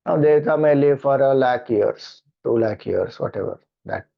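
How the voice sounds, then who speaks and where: A middle-aged man with an Indian English accent, a spiritual teacher patiently explaining mantra chanting and chanting slowly. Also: medium pitch, creaky. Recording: dull lo-fi audio.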